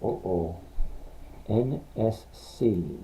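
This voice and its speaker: A man's voice: on the low side, extremely slow, mellow, a little hiss or hum. A man hosting a casual live stream, answering viewer questions about stocks and reading figures off charts in a blunt, rambling way. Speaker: livestream stock trading host. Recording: tinny phone-like sound.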